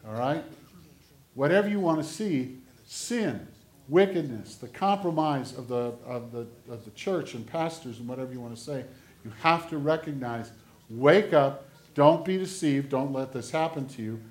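A man preaching a sermon as pastor, swinging between loud, urgent exhortation and quiet, low asides. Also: normal speed, reverberant.

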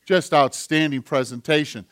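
A man preaching a sermon in an earnest, emphatic manner, sometimes dropping to a hush. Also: on the high side, normal speed. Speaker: pastor.

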